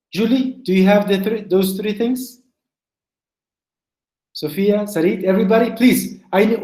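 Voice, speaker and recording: A woman teaching English to a group online, drilling sentences slowly and coaxing students by name. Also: medium pitch, a little mellow, echoey room, rough recording.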